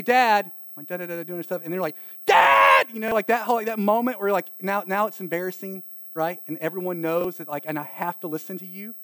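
A man from eastern North Carolina with a local accent, preaching a sermon in a conversational way, with lively asides and acted-out quotes. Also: high voice, dry recording. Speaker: pastor.

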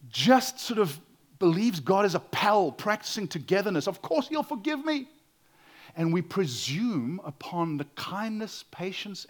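A man preaching a sermon in an earnest way, acting out quoted voices and dropping to a quiet voice to stress a point. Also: sits high. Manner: earnest, acts out quotes, drops to quiet for emphasis.

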